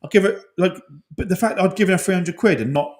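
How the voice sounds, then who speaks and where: A man talks fast and bluntly in a casual podcast chat, swearing as he goes. His voice sits a little high, and he often stops short and restarts his sentences. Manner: swearing, rambling with many restarts.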